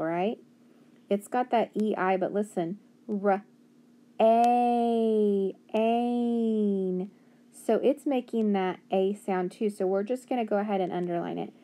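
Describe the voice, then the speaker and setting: A woman's voice: mid-range voice, dark tone. A woman teaching a phonics lesson, stretching out word sounds and asking and answering her own questions.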